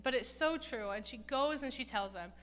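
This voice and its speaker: A woman gives a casual sermon, walking through a Bible story in everyday talk. Her voice sits a little high and sounds bright. She slips into the characters' voices as she goes. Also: animated, moderate pace. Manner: chatty, acts out the characters' lines with "like". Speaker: Bible teacher.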